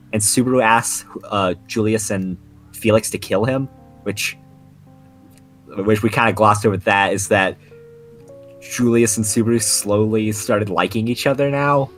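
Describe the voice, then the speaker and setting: Young male podcast co-host, lowish voice, loose rambling delivery full of restarts, faint music under him. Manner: rambling, many restarts and "like" fillers. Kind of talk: casual anime podcast chat.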